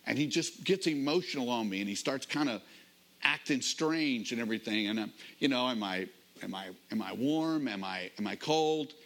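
Speaking from the pulpit, a middle-aged man tells his sermon as a conversational story and slows on the phrases that matter most. His mid-range voice is expressive and a bit bright.

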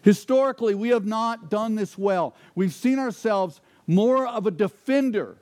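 A man preaches a sermon in a fairly high voice. He asks the congregation rhetorical questions and sinks to a hushed, intense tone to drive points home. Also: measured pace. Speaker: pastor.

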